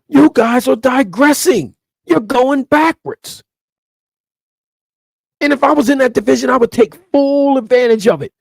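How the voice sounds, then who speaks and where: A man's voice: very high voice, creaky, darkish tone, no room sound, clean studio sound. A man ranting through sports opinion commentary, emphatic and repeating his points over and over.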